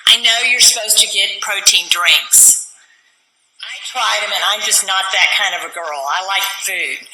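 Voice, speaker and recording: A woman's voice: mid-range voice, bright, forceful tone. A middle-aged woman, a cookbook author giving a chatty, personal talk to a seminar audience. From United States. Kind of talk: conference presentation. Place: hall at a medical center symposium. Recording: echoey presentation hall.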